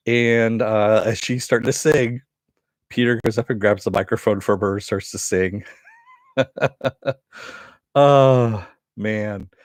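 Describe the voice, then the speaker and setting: A man with a fairly low voice talks through a TV episode in a loose, rambling review. He fills gaps with uhs and small laughs and swears casually. The sound is dry and close, with no room echo. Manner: rambling recap with many fillers and chuckles.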